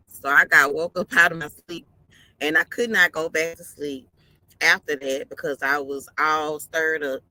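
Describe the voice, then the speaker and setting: A woman's voice: on the low side, sharp tone, no echo, rough recording. A woman truck driver talking casually on a live stream from inside her parked truck cab, tired and yawning, earnestly repeating her advice.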